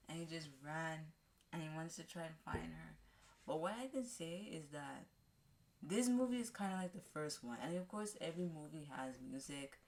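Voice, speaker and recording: A woman vlogger casually recapping a movie, rambling with halting restarts and fillers. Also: sits low, lively intonation, gravelly, darkish tone, slight background noise. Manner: acts out characters' lines in a raised voice.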